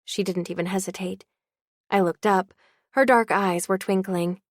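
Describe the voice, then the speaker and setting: A woman reads a novel aloud in the first person with a calm, even manner. Her voice sits in a middle range. The recording is dry and close. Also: medium pitch, normal speed, no room sound. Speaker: audiobook narrator. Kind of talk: first-person audiobook narration.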